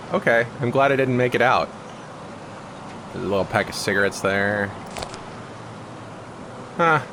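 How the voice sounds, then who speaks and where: A man's voice: medium pitch, background noise. A man casually commenting as he plays a game, reading on-screen text aloud. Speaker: let's-play host.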